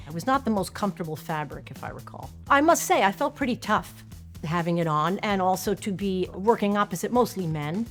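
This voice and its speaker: A woman from Long Island, an actress speaking candidly and conversationally in an interview, with a self-deprecating manner, on a close mic. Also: medium pitch. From Long Island, New York. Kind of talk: casual interview reflection.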